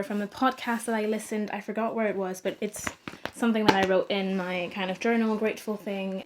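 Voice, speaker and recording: A young woman talks straight to her camera in a relaxed, chatty vlog, giving advice from her own experience. She leans on fillers and often quotes her own self-talk as she goes. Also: medium pitch. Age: young adult. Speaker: vlogger. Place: student flat.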